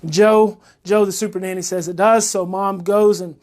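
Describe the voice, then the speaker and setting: A woman who is a parenting educator, talking in a casual monologue. She is animated, repeats her phrases and gets worked up. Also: medium pitch, normal speed.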